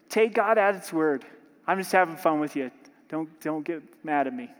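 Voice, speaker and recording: A man's voice: fairly high pitch, lively intonation, moderate pace. A man preaching a sermon as pastor, emphatic and dramatic, acting out prayers and joking with the congregation. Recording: long hall reverb.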